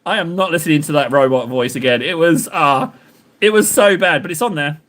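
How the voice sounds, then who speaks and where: A man's voice: on the high side, fairly quick, fairly bright tone. A man streaming while he paints miniatures, chatting and joking with his viewers in a rambling way. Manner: joking, rambling banter with chat.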